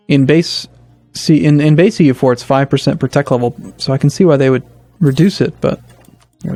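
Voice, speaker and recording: A man casually commenting on his strategy game as a let's play host, thinking aloud with hesitant restarts and sudden bursts of excitement. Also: fairly high pitch, no echo.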